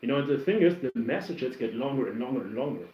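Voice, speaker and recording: A man hosting a livestream, casually chatting through viewer comments and telling stories in a rambling, animated way with lots of restarts. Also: mid-range voice, fast talker. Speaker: livestream host reacting to music. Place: home. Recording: roomy, somewhat dull stream audio.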